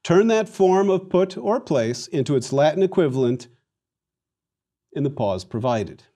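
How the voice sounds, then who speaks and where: A male teacher's fairly high voice moves at a measured pace through a recorded Latin lesson. He is animated and theatrical as he guides the class in repetition drills.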